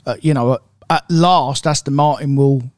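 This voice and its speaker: A man's voice: mid-range voice, normal speed, darkish tone, dry recording, clean studio sound. A man co-hosting a podcast in casual chat, blunt and matey. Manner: blunt, says "mate" a lot. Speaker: podcast co-host.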